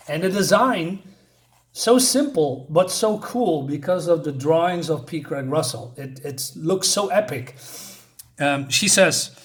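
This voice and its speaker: A man's voice: a little high, animated, a little slow. Hesitant man retelling a comic. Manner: hesitant, many fillers and restarts. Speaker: comic book reviewer.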